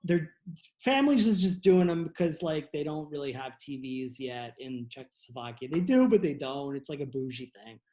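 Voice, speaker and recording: A man's voice: on the high side, lively intonation, moderate pace, dark tone. A man, a playwright, tells a history story in a loose, rambling, profane comic style with many restarts. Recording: echoey room.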